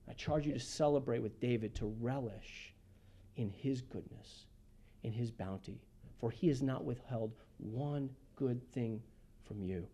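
A pastor preaching a sermon, swinging from loud emphasis to hushed, almost whispered passages and acting out the people in the story. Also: mid-range voice, a little slow. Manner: acts out the voices of the people he describes.

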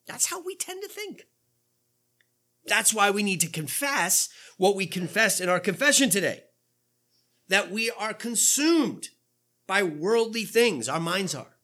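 A man's voice: high voice, pushed and bright. A man in his fifties preaching a conversational sermon in a church, putting rhetorical questions to the congregation in an informal way. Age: 50s. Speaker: pastor.

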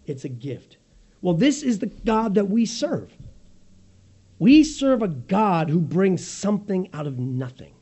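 Raspy-voiced pastor preaching, mellow tone. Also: male voice, measured pace. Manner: animated preaching with wide swings in pitch and loudness; jokes at his own slips, laughs easily. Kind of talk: sermon.

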